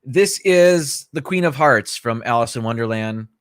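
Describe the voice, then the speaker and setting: Male livestream host: casual, rambling chat, greets viewers by name, mid pitch, dry room. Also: lively intonation, measured pace, clean tone, dry recording. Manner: easygoing, self-correcting asides. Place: small home studio.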